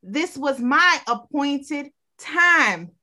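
Bright, high-voiced woman testifying. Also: very slow, slight background noise. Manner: expressive, call-and-response church cadence, testifying. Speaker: podcast co-host. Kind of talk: casual faith-based chat.

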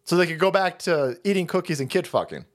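Man, high voice, lively swings, foul-mouthed stream rant. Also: fast talker. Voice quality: foul-mouthed, loud and mocking. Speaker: stream host. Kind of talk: ranting political commentary stream.

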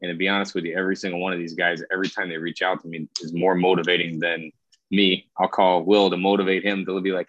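A man's voice: sits low, fast, dry recording, highs cut off. A man in his thirties, a military veteran, chatting casually on a podcast and acting out his friends' lines as he tells stories. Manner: animated storytelling, acting out quoted friends. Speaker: rowing team member, Air Force veteran.

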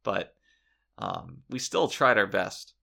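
A man's voice: on the low side, very animated, takes it slowly, gravelly, sharp tone. A man co-hosting a comedy podcast, ranting in mock indignation and swearing freely. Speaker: podcast co-host. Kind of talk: comedic in-character podcast chat.

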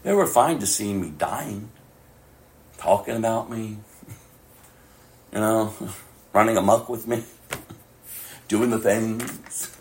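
A male pastor preaching a sermon with passion, laughing often and swinging between shouts and hushed whispers. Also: lowish voice, slow, pauses often, slight background noise.

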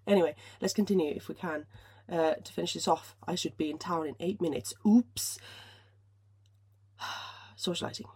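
Give me a woman in casual podcast chat, husky and a bit low, emotional and restarting often. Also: moderate pace, darkish tone. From Finland. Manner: emotional, swears freely, many restarts. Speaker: podcast host. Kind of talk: casual solo podcast talk.

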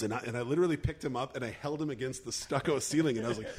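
Guy on a podcast telling a goofy story, joking around, middle pitch. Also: very fast, hardly any pauses, breathy edge. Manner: animated, joking. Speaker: podcast co-host. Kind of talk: casual storytelling.

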